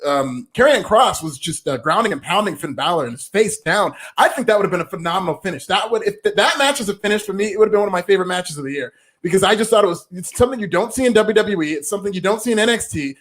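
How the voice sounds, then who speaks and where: A man's voice: sits high, expressive, quick pace, hardly any pauses, a bit bright. A man co-hosting a wrestling podcast, giving emphatic, opinionated takes in casual chat.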